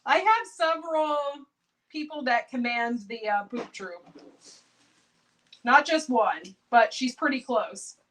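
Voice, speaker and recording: A woman's voice: on the high side, lively intonation, slow pace, fairly bright tone, poor audio. Chatty woman hosting a cooking livestream. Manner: chatty, laughs often, reacts to viewer comments. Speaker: home canning livestream host. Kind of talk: casual livestream chat.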